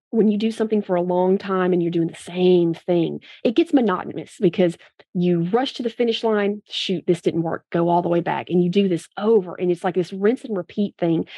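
Candid woman guest, mellow voice. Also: mid-range voice, dry recording, lo-fi sound. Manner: candid, animated storytelling. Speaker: guest, medical device consultant. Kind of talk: casual interview talk.

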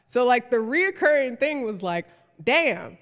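A woman's voice: mid-range voice, normal speed. Rambling young woman host, reverberant room. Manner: rambling, filler-heavy anecdotes with frequent "um". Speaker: podcast host. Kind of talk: casual storytelling chat.

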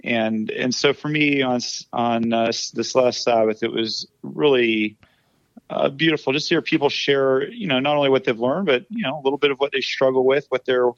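A man's voice: medium pitch, steady tone, normal speed, no room sound, highs cut off. A man co-hosting a podcast as a pastor, speaking thoughtfully with many hesitations and fillers. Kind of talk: casual podcast chat.

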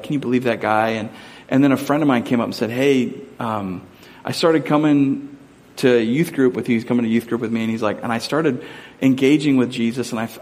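A man's voice: medium pitch, big-room sound. A male pastor giving a conversational sermon, mixing scripture with personal stories.

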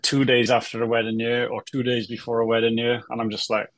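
A Welsh man with a medium-pitched voice talks fast as a guest in a casual interview, with no echo in the audio. He tells stories in a chatty, jokey, animated way.

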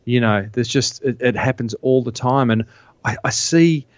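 A man's voice: mid-range voice, moderate pace, no echo. A man talking casually as a podcast guest, restarting sentences as he goes. His voice comes through a dull, lo-fi recording with no room sound at all. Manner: chatty, frequent restarts. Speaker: podcast guest, marketing author. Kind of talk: casual interview chat.

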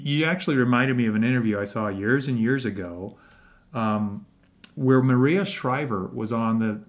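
A man hosting a podcast interview, talking in a relaxed, animated way and laughing often. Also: mid-range voice. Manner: animated, laughs often, puts on voices in quotes. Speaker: podcast host. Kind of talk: casual interview chat.

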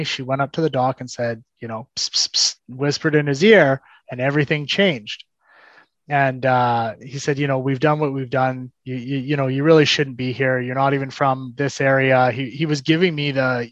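A man's voice: medium pitch, no echo, highs cut off. A young adult man, a podcast guest, telling a personal story and acting out the dialogue, with frequent restarts. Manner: animated, acts out quoted dialogue, frequent restarts.

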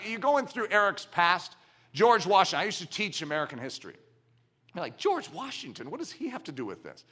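A middle-aged man preaching a sermon with passion, moving from quiet, close talk to shouting. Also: on the high side. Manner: impassioned, swings from quiet intimacy to shouting.

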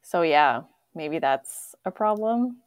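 A woman co-hosting a casual podcast, chatty and relaxed, telling stories with lots of "like". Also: sits low, slow, smooth, no echo. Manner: chatty storyteller, uses "like" often. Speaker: podcast co-host. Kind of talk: casual chat.

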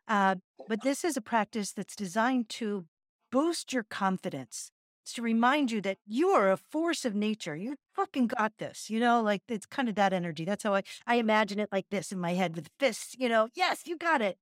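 A woman's voice: medium pitch, no room sound, clean studio sound. A middle-aged woman co-hosting a podcast, talking casually and earnestly as she teaches a chanted breathing practice and laughs at herself. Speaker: podcast co-host and yoga teacher. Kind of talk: casual chat.

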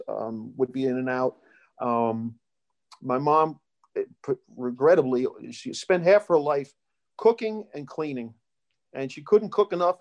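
A man's voice: mid-range voice, darkish tone. A middle-aged man being interviewed, telling life stories in a rambling way with many restarts. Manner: rambling, with restarts and storytelling asides. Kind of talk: casual life-story interview.

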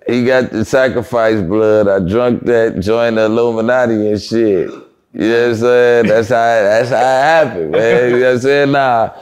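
A man's voice: medium pitch, moderate pace. A man as an interview guest, telling a story casually, swearing a lot and laughing through it. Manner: animated storyteller, profane, often laughing.

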